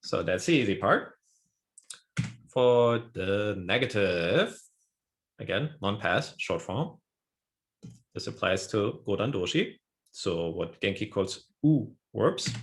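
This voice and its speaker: A man leads a language lesson in a low, slightly gravelly voice. He explains rules step by step and often checks that his student follows. His pace is slow and unhurried throughout. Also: animated. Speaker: Japanese teacher.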